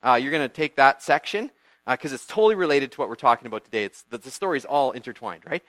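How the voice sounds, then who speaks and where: A man giving a church youth group talk, retelling a Bible story in a lively way, acting out characters and quizzing his listeners. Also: mid-range voice, fast, no echo.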